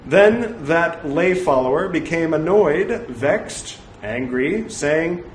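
Slow, lively man reading scripture. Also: fairly high pitch, a little hiss or hum. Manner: wry, joking asides. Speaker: reader of scripture. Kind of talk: reading aloud scripture with humorous asides. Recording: roomy echo, faint ambience.

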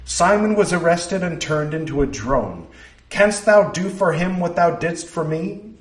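A woman's voice: fairly low pitch, lively intonation, unhurried, voice pushed up. A man reading a story voices a blunt young woman who speaks in old-fashioned thee-and-thou English. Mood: curt, urgent. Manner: archaic thee-and-thou speech, curt. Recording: roomy, distant mic.

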